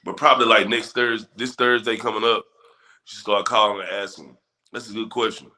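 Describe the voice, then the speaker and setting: Male livestream host, lowish bright tone, easygoing talk to chat. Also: little pitch movement, moderate pace. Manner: laid-back, talks straight to chat viewers.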